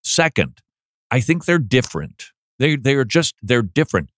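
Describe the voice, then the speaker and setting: A man hosting a casual talk show, playful and teasing, with animated asides. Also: medium pitch, normal speed, no room sound, studio quality. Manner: playful, mocks flat reading with droning voice. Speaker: podcast host. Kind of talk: casual chat.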